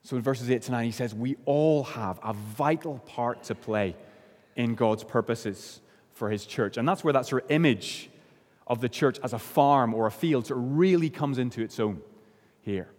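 A man from Northern Ireland preaching a sermon, earnest, slowing and dropping low on key phrases. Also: a little mellow. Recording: long hall reverb.

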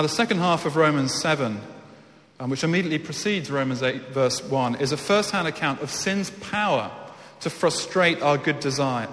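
A man's voice: on the high side, fairly bright tone. A man preaching an earnest, emphatic sermon. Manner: earnest, emphatic with repeated words. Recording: echoey hall.

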